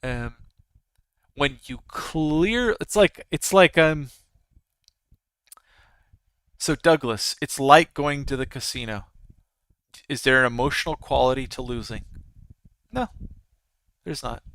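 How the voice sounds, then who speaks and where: A man's voice: medium pitch, slow, long pauses, a bit bright, clean tone, dry recording, poor audio. A man giving casual, rambling live commentary while trading futures, talking straight to his viewers. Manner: rambling, conversational, frequent restarts. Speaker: futures trader streaming live.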